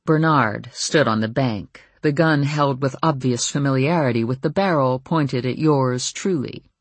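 A woman narrating a first-person audiobook with a wry, lively storytelling manner. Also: rumbling low, a little slow, husky, no echo.

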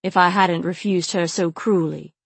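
A woman reading the part of a stern male djinn warrior, speaking quietly and grimly. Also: lowish voice, steady tone, normal speed, creaky, slightly rough, no room sound. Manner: quiet and grim. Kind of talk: audiobook character reading.

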